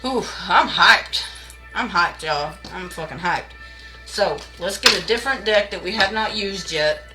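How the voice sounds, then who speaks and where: In an unhurried mid-range voice over music, recorded in low quality, a woman reads tarot live from home late at night. She rants bluntly and swears heavily, greets chat by name, and calls her viewers baby and y'all.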